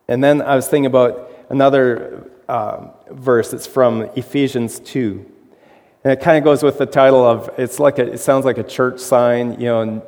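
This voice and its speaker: A man's voice: mid-range voice, fairly even intonation, normal speed, darkish tone, long reverb tail. A man preaching a sermon as pastor, in a conversational way, asking his listeners questions and laughing at his own asides.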